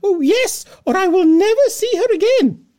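A woman voicing an excitable, flustered middle-aged mother who pleads in a high, loud voice. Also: normal speed. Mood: frantic.

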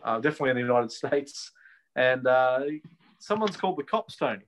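A man's voice: mid-range voice, lively intonation, fairly quick, a bit bright. A man co-hosting a podcast in casual, opinionated chat, laughing easily. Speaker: podcast co-host.

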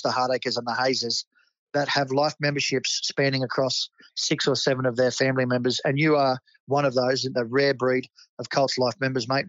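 A man's voice: medium pitch, a bit bright, dry recording, highs cut off. An Australian man hosting a local sports club roundup, enthusiastic and matey. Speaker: club host.

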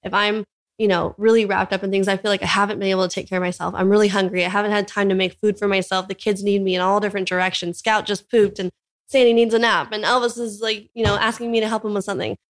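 A woman's voice: mid-range voice, fairly even intonation, fast. A young woman from California, a podcast guest, explaining her views earnestly in a casual interview and filling her long sentences with "like". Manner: earnest, talks in long runs peppered with "like".

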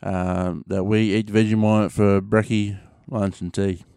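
With a lowish, mellow voice touched by vocal fry, an Australian vlogger chats to his audience in a relaxed, rambling way, packed with slang and fillers. He speaks a little slowly in a level, smooth tone, recorded in a studio with no echo.

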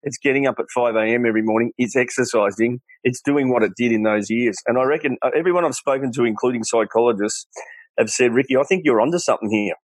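A man's voice: medium pitch, quick pace, no room sound, rough recording. A middle-aged Australian man, a guest in an interview, telling personal stories earnestly and quoting the people in them. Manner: earnest, animated storyteller, quotes others in his tales. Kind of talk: candid storytelling interview.

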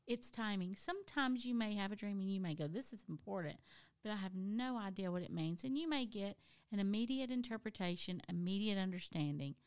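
A woman's voice: mid-range voice, animated, a little fast, darkish tone, smooth, no echo. A woman co-hosting a casual faith podcast, chatty and folksy with frequent laughter. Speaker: podcast co-host.

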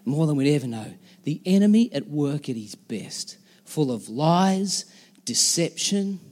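A man preaching a conversational, emphatic sermon with dramatic pauses as a pastor. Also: on the high side, sing-song, a little mellow. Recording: long hall reverb.

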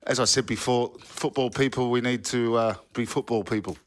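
A man's voice: medium pitch, fairly even intonation, moderate pace, noisy background. Australian man spinning a rambling yarn. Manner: rambling anecdotes, laughs mid-story. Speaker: podcast co-host, former footballer. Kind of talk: casual storytelling chat.

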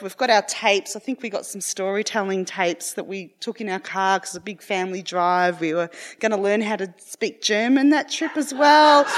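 A middle-aged woman telling a long personal story in a rambling, animated way, acting out the voices of her family. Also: medium pitch. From Australia.

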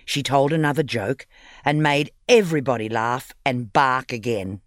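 A man narrating a children's audiobook story in an expressive, playful reading. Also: medium pitch, normal speed, no room sound, clean studio sound.

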